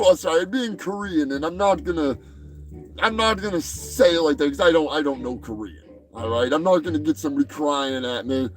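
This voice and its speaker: A man hosting a show in a crude, profane comedy rant, mocking people and shouting when worked up. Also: on the high side, expressive, brisk. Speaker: podcast host.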